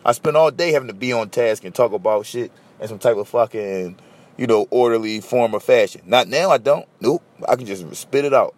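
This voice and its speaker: A young man from Philadelphia with a Philly accent, hosting a casual solo podcast and telling stories in a blunt, profane, animated way. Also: medium pitch, fairly quick. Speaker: podcast host.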